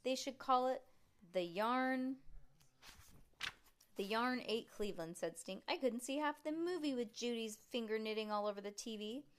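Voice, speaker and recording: A woman's voice: a little high, moderate pace, clean tone. Woman reading a children's book aloud. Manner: lively, voices the characters, chats and laughs between passages. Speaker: reader.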